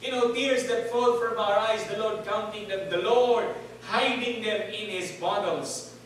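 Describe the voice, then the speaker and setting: High-voiced male preacher in an echoey hall. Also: measured pace, recorded from a distance, a little hiss or hum. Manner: call-and-response, asks congregation to repeat words. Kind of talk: sermon. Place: church hall.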